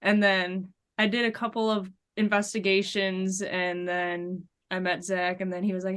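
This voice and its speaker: A woman's voice: medium pitch, level tone, moderate pace, hardly any pauses, fairly bright tone, smooth. A woman who works as a photographer and paranormal investigator, chatting easily and upbeat in an interview, with many fillers. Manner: easygoing, upbeat, filler-heavy. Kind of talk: casual interview chat.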